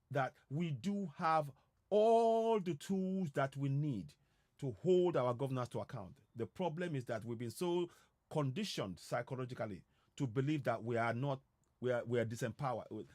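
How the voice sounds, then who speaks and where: A man's voice: fairly high pitch, no echo. A man giving an impassioned broadcast address, urging listeners with repeated calls to act. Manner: urgent, repetitive, exhorting. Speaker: political commentator.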